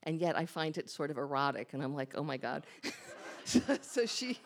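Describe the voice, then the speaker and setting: Her voice is low-pitched, expressive and brisk as she stands on stage in a small hall, telling a live audience a frank and self-mocking personal story while dramatizing her own thoughts.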